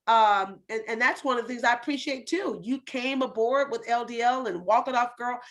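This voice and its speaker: Emphatic woman host, fairly high voice. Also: moderate pace, fairly bright tone. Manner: emphatic, preaching, faith-driven. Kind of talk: motivational talk.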